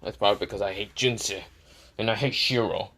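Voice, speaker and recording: Brief: man playing a sullen, menacing dark double of the hero, low and scornful. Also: steady tone, fast talker, a little hiss or hum.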